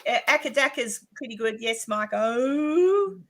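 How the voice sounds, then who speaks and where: Australian woman, co-host, relaxed rambling chatter, a touch high-pitched. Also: measured pace. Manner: chatty, laughs often, trails off and restarts. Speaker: co-host of a paranormal livestream. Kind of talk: casual chat.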